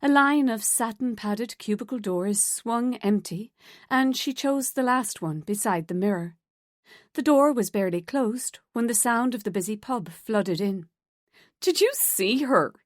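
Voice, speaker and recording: A woman narrating an audiobook in a steady storytelling voice. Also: on the high side, measured pace, no echo, studio quality. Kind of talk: scripted narration.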